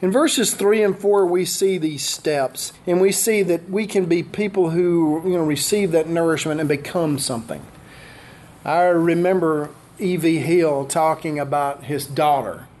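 An older male pastor delivers a sermon in a notably high voice. He builds his points through strings of repeated rhetorical questions, preaching straight to the congregation. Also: darkish tone.

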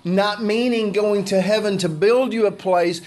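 Man, pastor, sermon, high-pitched voice, conversational preaching. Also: fairly even intonation, measured pace, a little mellow, slight background noise.

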